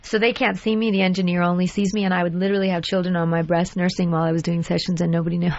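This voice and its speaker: Chatty, upbeat actress on talk radio. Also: female voice, on the low side, flat delivery, rapid-fire, a little mellow. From Los Angeles. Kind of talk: guest on a radio talk show. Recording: dry, dull lo-fi radio recording.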